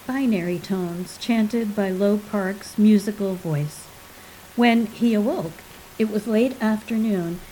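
A woman narrating a short story in an even, measured voice. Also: medium pitch, a little hiss or hum, rough recording. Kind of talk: audiobook narration.

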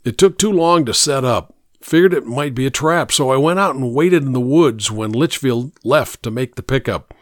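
A man's voice: medium pitch, normal speed, few pauses, dry recording, studio quality, lightly acted. A man voicing a desperate, dying fugitive. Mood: bitter, defensive. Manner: plaintive, rising to shouting. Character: dying cowardly male fugitive, coughing, desperate.

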